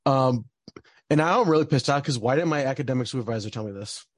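A man's voice: mid-range voice, fast talker, dry recording. A young man telling a personal story in casual talk, rambling with lots of fillers and restarts.

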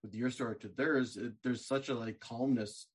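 A man hosting a relaxed interview with a husky, slightly breathy voice. He answers with supportive, reflective comments. His pitch sits in a middle range. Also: normal speed. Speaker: interview host. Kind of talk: casual interview.

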